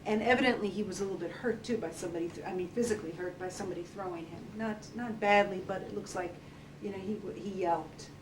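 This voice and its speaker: A woman working as an animal communicator, talking gently and hesitantly in a relaxed consultation, with many fillers. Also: medium pitch, fast talker. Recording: distant, roomy, noisy field recording.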